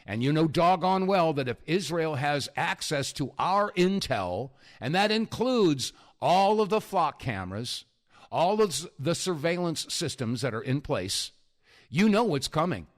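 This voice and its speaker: A man hosting a talk radio show, his voice sitting a little higher than most. He rambles through his monologue with plenty of fillers and the odd chuckle. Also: sing-song, measured pace.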